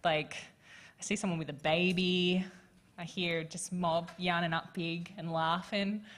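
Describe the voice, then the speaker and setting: Low-voiced woman, candid and emotional. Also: fairly even intonation, a little slow, fairly bright tone. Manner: frank and emotional, with many fillers and laughs. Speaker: author on a festival panel. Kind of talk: candid conversational panel talk.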